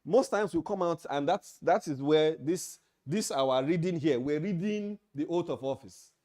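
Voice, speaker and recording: A man's fairly high, slightly mellow voice stays unhurried yet animated as he gives a training lecture. With a Nigerian English accent, he addresses association officials in a meeting hall as a leadership trainer, repeating key phrases for emphasis.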